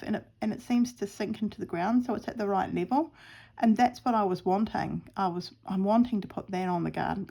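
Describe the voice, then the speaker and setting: A woman's voice: medium pitch, vocal fry, warm tone. A middle-aged woman with a New Zealand accent, chatting away in a rambling, self-deprecating way as she sews outdoors at home, sometimes dropping to a murmur. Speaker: sewing vlogger. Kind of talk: casual crafting chat.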